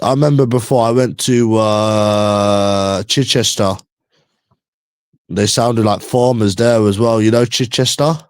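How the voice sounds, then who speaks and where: A man's voice: lowish voice, no echo. A young man from East London, with its accent, chatting casually with viewers in a slangy, rambling way that often repeats itself. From East London, England. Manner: slangy, repeats himself, loose rambling talk. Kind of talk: casual chat.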